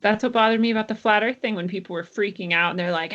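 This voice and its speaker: A woman hosting a casual podcast conversation, chiming in with quick agreement and easy laughter. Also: medium pitch, a bit bright. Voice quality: gravelly vocal fry. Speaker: podcast host.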